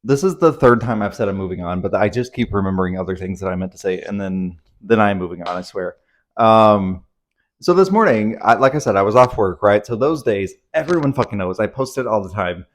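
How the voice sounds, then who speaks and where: A young man talks into his camera at home, rambling and anxious as he tells his viewers a story. His voice sits a little low, and the swearing comes out casually. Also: expressive, brisk. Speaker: vlogger. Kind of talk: casual confessional vlog. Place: at home indoors.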